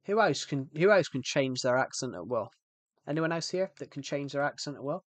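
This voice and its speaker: A man's voice: fairly high pitch, lively intonation, fairly quick, dry recording. A young man with a British accent who streams games, chatting casually in a rambling, self-correcting way. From United Kingdom. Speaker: game streamer. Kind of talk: casual live-stream chat.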